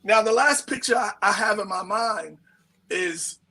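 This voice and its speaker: A middle-aged man with a New York accent, telling his stories in a slangy, animated way and acting out what people said. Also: high-pitched, a little slow, gravelly, rough recording. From United States. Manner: slangy and animated, acts out quotes. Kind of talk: casual storytelling.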